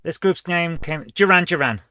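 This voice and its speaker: The speaker is a man with a fairly high, pushed and bright voice at normal speed. He runs a retro gaming channel, reading quiz questions aloud and chatting as he guesses answers in casual let's-play commentary.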